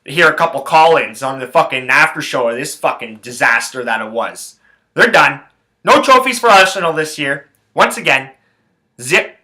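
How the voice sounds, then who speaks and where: A man on his own sports podcast rants with fury, swearing constantly and hammering the same phrases over and over. His voice sits a bit high for a man and comes out bright and tense. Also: expressive, normal speed. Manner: angry, heavy swearing, repeats phrases. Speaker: podcast host. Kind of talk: profane sports rant.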